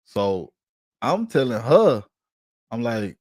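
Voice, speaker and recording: A man on a casual podcast telling a story in an animated, profane way and acting out the quotes. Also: mid-range voice, slow, dry recording, studio quality. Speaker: podcast co-host.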